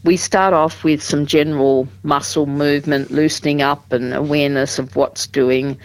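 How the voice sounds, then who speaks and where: A woman, a support group representative explaining things in a measured way during a radio interview, with frequent ums and restarts. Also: deep voice, fairly even intonation, rough recording.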